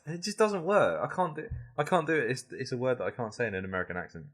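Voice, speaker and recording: A man's voice: mid-range voice, lively intonation, fast, few pauses, slightly rough. A British man co-hosting a casual chat, talking easily, laughing often and swearing playfully. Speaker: podcast co-host.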